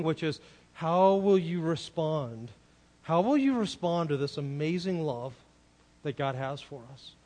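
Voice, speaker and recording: A man's voice: fairly high pitch, a little mellow. A man preaching a sermon in an earnest way, often asking the listeners rhetorical questions. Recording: long reverb of a large hall.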